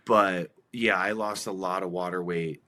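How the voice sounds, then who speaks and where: Man, very low voice, casual podcast guest, animated rambling. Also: unhurried. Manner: rambling, animated, many fillers. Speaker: guest, band vocalist.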